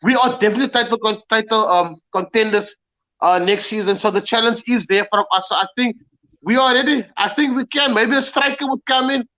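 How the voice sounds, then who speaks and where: Man, high bright voice, halting casual panelist, dull lo-fi sound. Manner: halting, repeats words, many fillers. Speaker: panelist, Liverpool supporter. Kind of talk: casual football chat. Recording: dull lo-fi audio.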